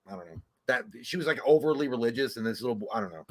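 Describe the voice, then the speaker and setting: A man co-hosting a live movie stream, talking casually and profanely, with animated outbursts. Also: mid-range voice, racing. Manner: profane, animated, breaks into loud put-on quotes. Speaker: podcast co-host. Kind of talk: casual movie chat on a livestream.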